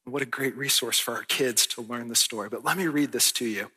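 Bright, husky-voiced pastor preaching. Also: male voice, medium pitch, brisk. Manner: earnest, conversational, often asks "right?". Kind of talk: sermon. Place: church.

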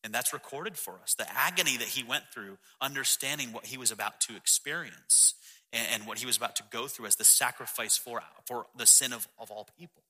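A man preaching a sermon as the pastor, reading scripture passages in a lower, softer voice. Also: brisk. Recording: long hall reverb.

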